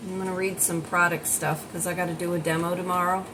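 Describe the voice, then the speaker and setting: A woman's voice: lowish voice, flat delivery, fast, background noise. A woman in her sixties chatting casually to her viewers at home in a rambling, direct way. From United States. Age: 60s. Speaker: vlogger and life coach. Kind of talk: casual morning chat to camera.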